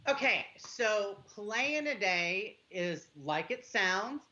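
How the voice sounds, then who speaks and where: A woman's voice: medium pitch, lively intonation, takes it slowly, sharp tone, lo-fi sound. A woman joining a livestream as a guest, who explains things in a chatty, rambling way. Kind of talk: livestream chat.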